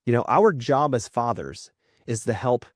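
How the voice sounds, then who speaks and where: A man who is a podcast guest and a father, telling candid stories in conversation. He is reflective, often checks in with "right?", and acts out the quotes in his stories with lively energy. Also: mid-range voice, measured pace, dry recording, clean studio sound.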